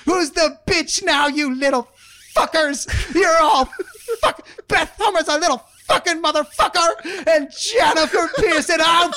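A man playing a vengeful, profane online tough guy in a comedic rant, swearing and shouting threats. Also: extremely high pitch, measured pace, exaggerated voice. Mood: furious.

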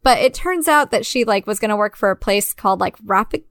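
A woman co-hosting a casual film discussion, chatty and full of fillers and quick asides. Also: medium pitch, lively intonation, fairly bright tone, no echo, clean studio sound. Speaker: podcast co-host.

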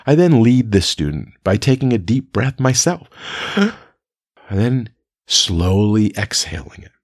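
Calm, husky-voiced male teacher. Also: on the low side, measured pace, no echo, clean studio sound. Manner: calm, explanatory, with rhetorical "right?" checks. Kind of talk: instructional talk to educators.

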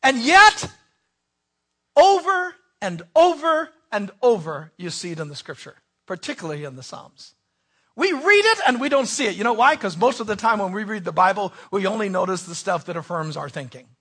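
A man preaching a sermon, reading scripture dramatically, swinging from hushed asides to shouted pleas. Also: high-pitched, sing-song, moderate pace, breathy edge.

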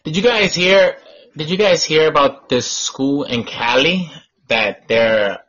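Bright, high male co-host; profane ranter; muffled lo-fi radio sound. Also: slow pace. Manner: ranting, profane, exasperated. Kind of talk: casual radio talk show banter. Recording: dull lo-fi online radio audio.

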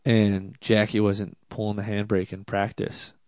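A man, a drift driver, telling a casual story in an interview, animated and self-deprecating, with many fillers. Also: on the low side, unhurried, dry recording.

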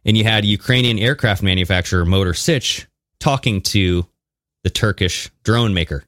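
A man co-hosting a podcast in casual chat, talking in an animated, conspiratorial way as he reads out and reacts to news. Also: fairly low pitch, normal speed, no room sound, clean studio sound. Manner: animated, conspiratorial, mixes reading with jokes. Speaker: podcast co-host.

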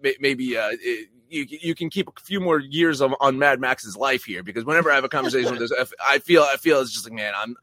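A man's voice: mid-range voice, fast, few pauses. A man co-hosting a casual sports podcast, ranting and swearing heavily about sports fans. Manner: ranting, heavy swearing, animated. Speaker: podcast co-host.

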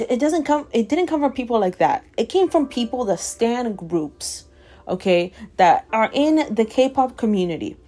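A woman's voice: medium pitch, a little mellow. A woman with a Southern American accent hosting a solo podcast, ranting emphatically and repeating herself for emphasis. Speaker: podcast host.

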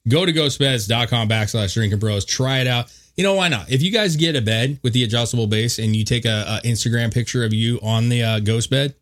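A man's voice: mid-range voice, brisk, hardly any pauses. Blunt, profane man on a podcast. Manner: blunt, profane, rambling with fillers. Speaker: podcast co-host. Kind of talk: casual podcast chat.

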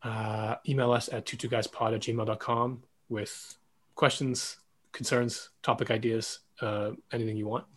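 A man hosting a podcast, relaxed and chatty, giving easy affirmations while his guest talks. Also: mid-range voice, unhurried, husky. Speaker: podcast host. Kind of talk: casual conversational interview.

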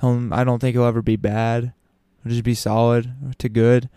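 A man's voice: medium pitch, level tone, normal speed, dark tone, clean tone, dry recording, studio quality. A man talking casually to his audience as a commentator, opinionated, with frequent ums and restarts. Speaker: sports commentator. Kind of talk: casual basketball talk.

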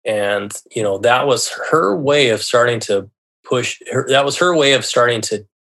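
A man telling a personal story as a podcast guest, speaking in a halting, earnest way and often restarting his phrases. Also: mid-range voice, fairly bright tone. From United States.

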